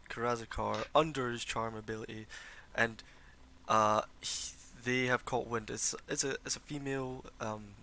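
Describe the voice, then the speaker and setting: A man's voice: mid-range voice, bright, forceful tone, a little hiss or hum. A man narrating as dungeon master in casual, swearing talk full of fillers. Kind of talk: narrating a tabletop game. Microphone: streaming desk mic.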